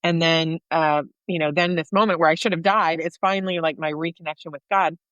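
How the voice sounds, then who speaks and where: An American woman co-hosting a podcast, telling a personal story in a lively way and acting out the voices of people in it. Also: sits low, a little fast, no room sound, highs cut off. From United States. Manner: animated storyteller, acts out dialogue. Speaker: podcast co-host sharing her faith story.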